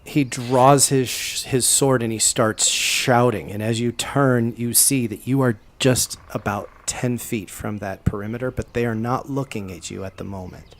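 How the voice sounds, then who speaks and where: A man's voice: medium pitch, fairly even intonation, moderate pace, hardly any pauses, slight background noise. A man narrating scenes as game master of a tabletop role-playing game.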